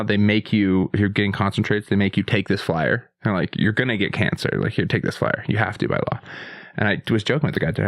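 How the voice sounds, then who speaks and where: A man hosting a podcast, chatting casually with quick, playful banter. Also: fairly low pitch, dry recording, studio quality. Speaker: podcast host. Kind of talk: casual chat.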